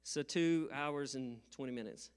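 A middle-aged male pastor preaching a sermon, telling a funny story, laughing often and rising to loud, emphatic bursts. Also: mid-range voice, measured pace, clear, resonant tone. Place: church sanctuary.

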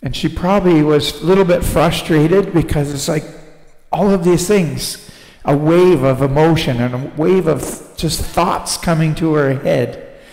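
A man preaching to his congregation, slow and deliberate, drawing listeners in with rhetorical "right?" asides as he prays and retells scripture. His voice rings through a church sanctuary with a long, roomy reverb. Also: fairly high pitch, gravelly, darkish tone. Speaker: pastor. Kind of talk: sermon.

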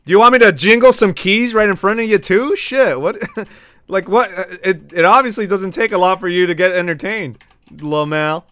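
A man's voice: sits high, normal speed, fairly bright tone, clear, resonant tone, no echo. A man streaming a game, talking to his chat in a brash, teasing and profane way. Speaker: gaming streamer. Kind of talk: casual live-stream chat.

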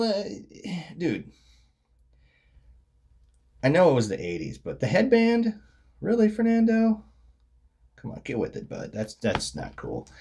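Brief: a male hobbyist chatting loosely over his cards, teasing and dry, voice fading into mutters. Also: medium pitch. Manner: wry, mocking, trails off with mumbled asides. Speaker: card collector showing his cards. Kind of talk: casual commentary on baseball cards.

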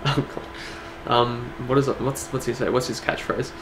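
A man co-hosting an online awards show in casual chat, laid-back and quick to laugh. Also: medium pitch, fairly even intonation, a bit bright, slight background noise, rough recording. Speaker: awards co-host.

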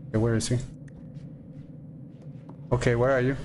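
A man's voice: medium pitch, unhurried, pauses often, darkish tone, slight background noise. A man playing a horror game on stream, talking to himself and the game creatures in jumpy, nervous commentary. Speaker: gameplay streamer. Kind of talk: let's play commentary.

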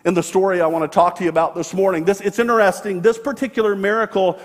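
A man's voice: sits high, fairly even intonation, fast talker, in a large hall. A man preaching a sermon as pastor, retelling a story earnestly and acting out the quoted voices. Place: church sanctuary.

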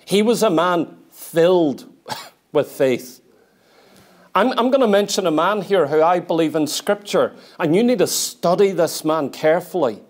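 High-voiced earnest male preacher. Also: expressive, a little slow. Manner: earnest, emphatic, repeats key points; reads scripture aloud in King James wording. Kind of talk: sermon. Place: church.

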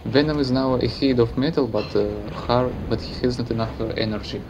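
A man from Russia with a Russian accent, commentating a strategy game match in halting English with many fillers and self-corrections. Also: medium pitch, muffled recording, music in the background.

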